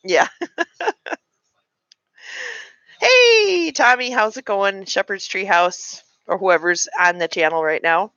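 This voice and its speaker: A woman's voice: lowish voice, fairly even intonation, measured pace, bright, forceful tone, no echo, dull audio. A woman in her late forties chatting frankly to her live-stream viewers, venting and answering comments. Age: 40s. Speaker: livestream host. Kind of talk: casual live-stream chat.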